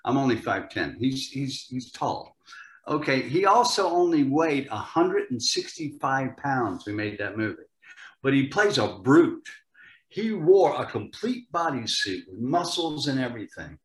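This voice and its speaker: An older actor telling animated stories in a casual interview, often repeating words as he starts a sentence. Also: medium pitch, unhurried. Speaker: actor guest. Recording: roomy echo.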